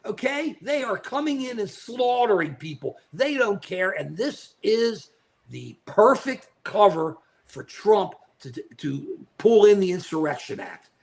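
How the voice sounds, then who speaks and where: A man's voice: sits high, very animated, unhurried, gravelly. An older man co-hosting a live political talk show, delivering outraged, emphatic commentary, repeating phrases and turning to his co-host by name.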